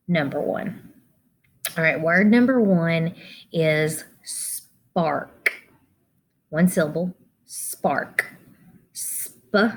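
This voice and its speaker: A woman teacher walks children through a spelling lesson, slowly sounding out each letter. Her voice sits a little low, and her pace is unhurried and deliberate. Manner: slow, sounding out letters one by one.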